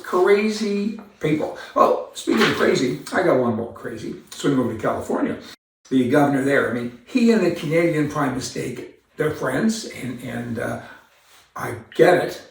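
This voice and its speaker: A man's voice: mid-range voice, vocal fry. A man hosting an opinion commentary monologue, talking in a rambling, indignant, folksy way. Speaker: commentary host. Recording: very echoey room, far from mic.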